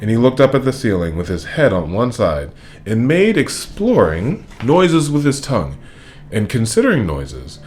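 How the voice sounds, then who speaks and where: A man reading a children's storybook aloud in an expressive, playful way. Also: mid-range voice, moderate pace. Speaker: storybook reader.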